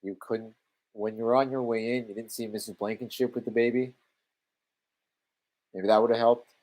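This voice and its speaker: A man's voice: mid-range voice, level tone, moderate pace, a little mellow. A man with a Canadian accent giving exasperated, sarcastic live commentary over a film, swearing freely. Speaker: movie commentary live-streamer.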